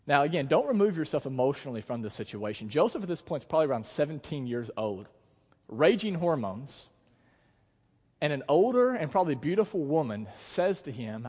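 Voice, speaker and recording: A male pastor preaching a sermon in an animated storytelling manner, acting out the scenes as he goes. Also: fairly high pitch, fairly quick, husky. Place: church sanctuary. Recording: long church reverb.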